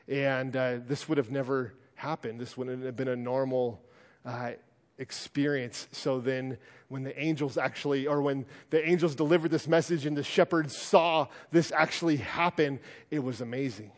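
A man's voice: medium pitch, steady tone, normal speed. Man preaching in a reverberant hall. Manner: plain, conversational preaching with frequent fillers and restarts. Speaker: pastor. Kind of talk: sermon.

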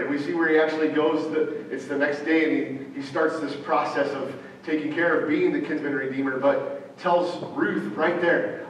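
A man preaching a sermon, halting, with frequent fillers and restarts. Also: fairly high pitch, fairly even intonation. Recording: echoey hall from far off, faint ambient noise.

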